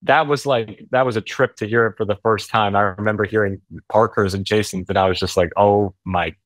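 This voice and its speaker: A man's voice: on the low side, fairly even intonation, a little fast, a bit bright, dry recording. A man guesting on an interview, telling a story in a casual, rambling way with many fillers. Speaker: actor guest.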